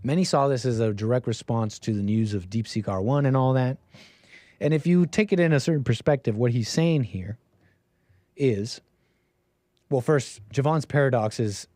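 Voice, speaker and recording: A man's voice: medium pitch, darkish tone, no echo, clean studio sound. Chatty man hosting a live stream. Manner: chatty, joking, rambling with restarts. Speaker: livestream host. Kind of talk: casual live-stream commentary.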